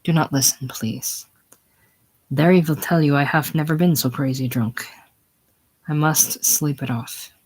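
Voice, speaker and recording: A man's voice: fairly high pitch, a little slow, long pauses, a little mellow, low-quality recording. A man reading a drunken ranting anarchist. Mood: frightened.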